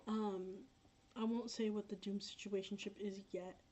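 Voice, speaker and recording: A woman's voice: mid-range voice, fairly even intonation, unhurried, mellow, slight background noise. Rambling young woman on a dull livestream mic. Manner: rambling, filler-heavy, repeats herself. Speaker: livestreaming creator. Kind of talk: casual livestream chat reading comments.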